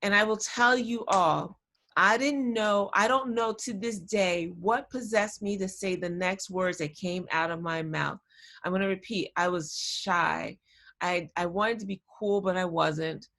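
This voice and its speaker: A woman tells a personal story to a class over a video call, animated and chatty, often drifting off on side notes. Her voice sits at a middle pitch, and the sound is the plain audio of a laptop call. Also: unhurried. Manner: animated, chatty, easily sidetracked. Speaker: guest speaker.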